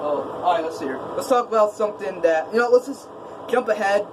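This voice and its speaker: A man's voice: high-pitched, lively intonation, a little fast, heavy background noise. A young man talking off the cuff in a vlog, rambling with stammered restarts and sarcastic asides. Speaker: vlogger. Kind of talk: unscripted ranting vlog.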